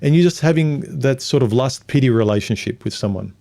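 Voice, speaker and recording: Dark-voiced man ranting on a livestream. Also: mid-range voice, lively intonation, fairly quick. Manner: rambling, with mocking put-on voices of others. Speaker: livestream host reading viewer comments. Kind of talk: casual livestream monologue.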